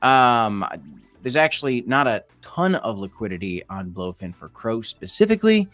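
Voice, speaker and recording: A man's voice: mid-range voice, very animated, moderate pace, a bit bright. Casual young male streamer with a mid-range voice, loose and chatty as he reacts to chat, with faint music playing behind him. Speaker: crypto livestream host. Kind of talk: casual livestream commentary reading chat.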